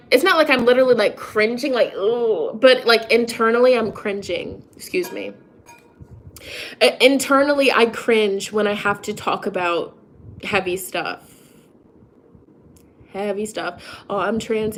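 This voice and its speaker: A woman's voice: fairly high pitch, a bit bright, a little hiss or hum, poor audio. A young woman rambling and confiding in a casual vlog, often restarting her sentences and laughing. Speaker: tarot reader and vlogger. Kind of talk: casual chat to camera.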